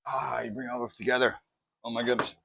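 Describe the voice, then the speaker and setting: Chatty, excitable man cooking at home. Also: mid-range voice, a little fast, creaky, slightly rough, dry recording. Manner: chatty, excitable, self-mocking. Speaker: cooking vlogger. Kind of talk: casual cooking demo. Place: home kitchen.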